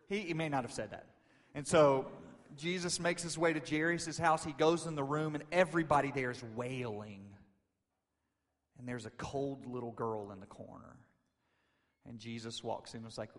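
A man preaching a sermon, retelling a story casually in quoted voices and rising to loud, emphatic peaks. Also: medium pitch, normal speed, gravelly. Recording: long reverb of a large hall.

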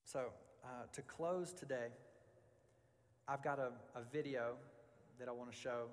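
A man, a pastor, giving an informal sermon in a halting way with many fillers and restarts. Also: medium pitch, fairly even intonation, in a large hall.

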